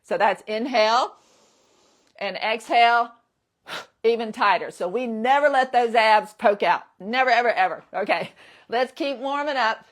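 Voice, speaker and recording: A woman's voice: fairly high pitch, a little slow. A woman in her sixties leading a live workout class, upbeat and encouraging, and whooping to cheer people on. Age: 60s. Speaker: fitness instructor.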